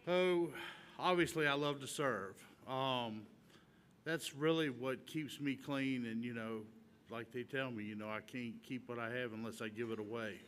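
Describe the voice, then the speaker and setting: A man's voice: mid-range voice, normal speed, a bit bright, slight background noise. A man from Virginia giving a nervous, folksy campaign speech at a podium in a large convention hall. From Virginia, USA. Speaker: campaign speaker.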